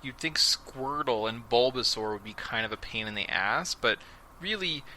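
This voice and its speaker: A man hosting a casual podcast, recapping episodes with sarcastic, animated storytelling and mocking quoted voices. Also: mid-range voice, normal speed, slight background noise, poor audio. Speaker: podcast host.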